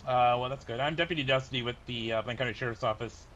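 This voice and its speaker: A man's voice: medium pitch, fast talker, a bit bright. A man playing a polite sheriff's deputy in a game roleplay, hesitant and full of "uh"s. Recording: dull lo-fi mic with faint noise.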